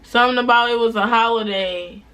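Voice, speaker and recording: A young woman telling a personal story in a chatty storytime vlog, often turning to her viewers with quick asides. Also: a little high. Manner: chatty, animated retelling with repeated asides to viewers. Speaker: vlogger.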